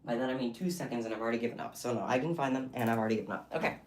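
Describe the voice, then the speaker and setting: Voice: mid-range voice, racing, a little hiss or hum. A livestreamer chatting casually with viewers while making beaded bracelets, playful and giggly, with plenty of self-mocking banter. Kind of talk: casual live-stream chat with viewers.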